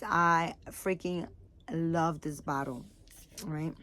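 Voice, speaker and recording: An adult woman with a daughter vlogs to camera, showing off the baby doll items she bought while chatting casually. She's tired and yawning, rambling with lots of fillers in a fairly low voice at a measured pace.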